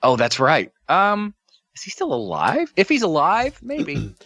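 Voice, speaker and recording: Man, podcast co-host, casual comedic chat, profane jokes, wildly swooping pitch. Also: huge pitch swings, fairly bright tone. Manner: joking, profane, trails off into quick tangents.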